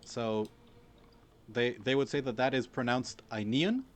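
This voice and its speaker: Game master man, halting and relaxed. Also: medium pitch. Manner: relaxed, many fillers and restarts. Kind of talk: narrating a tabletop game.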